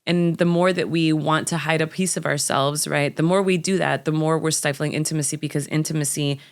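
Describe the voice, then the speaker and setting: A woman's voice: deep voice, steady tone, brisk, clear, resonant tone. A young adult woman from the United States, a podcast guest speaking candidly and reflectively about personal experience. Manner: reflective, openly personal storyteller.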